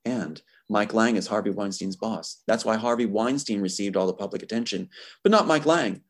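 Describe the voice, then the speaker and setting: A man's voice: lowish voice, normal speed. A man speaking as an interview guest, angry and emphatic as he makes accusations. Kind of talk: impassioned interview talk.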